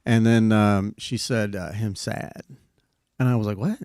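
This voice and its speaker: A middle-aged man with a fairly low voice tells a story on a podcast, loose and rambling, padding with "you know" and "like" and swearing now and then. The sound is dry and close, with no room around it. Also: steady tone, normal speed, a little mellow, clean tone, no room sound. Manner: rambling, lots of fillers, swears casually. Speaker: podcast host. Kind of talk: casual storytelling chat.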